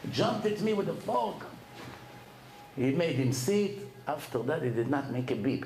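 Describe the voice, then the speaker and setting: Man, rabbi storyteller, animated lecture, higher voice, roomy echo. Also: moderate pace. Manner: animated, acts out dialogue with rising pitch. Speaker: rabbi telling stories.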